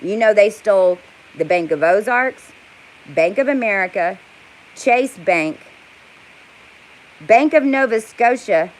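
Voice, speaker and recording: A woman's voice: mid-range voice, low-quality recording. Ranting profane woman vlogger. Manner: angry, profane, rambling rant. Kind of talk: heated monologue to camera.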